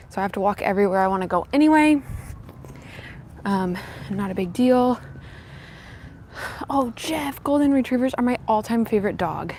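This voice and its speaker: A woman's voice: a little high, a little mellow, slight background noise. A young woman chatting upbeat with her live viewers while walking outdoors, a little out of breath. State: slightly out of breath from walking uphill. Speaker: vlogger live-streaming. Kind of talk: casual live-stream chat while walking. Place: outdoors on a windy walk.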